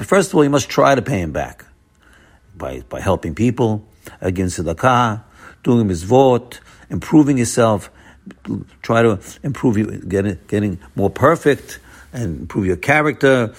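Husky low-voiced rabbi guy preaching, gets loud then drops to a mumble, repeats stuff. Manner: emphatic, swings from loud exclamations to low murmurs, repeats words. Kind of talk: Torah class on Hanukkah.

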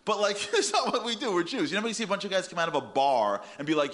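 A man giving a humorous sermon, animated and telling stories. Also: high-pitched, fast, few pauses. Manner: animated, comic, storytelling. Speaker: speaker.

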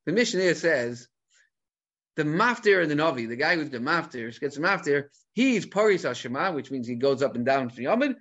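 A man giving an animated Talmud lecture, mixing Hebrew terms into English and asking rhetorical questions. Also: a little high, brisk, highs cut off. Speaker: Torah teacher.

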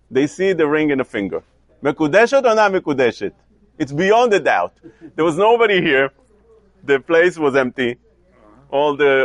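A man teaching a Talmudic lecture, asking questions and answering them himself in an animated way. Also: mid-range voice, no room sound. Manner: animated, questioning, mixes Hebrew and Yiddish terms. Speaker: Torah teacher.

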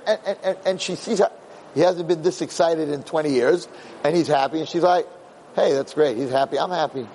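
A man giving a lively Torah lecture as a rabbi, acting out quotes in a storyteller's manner and building to excited peaks. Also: on the high side, a little fast, a little hiss or hum, poor audio.

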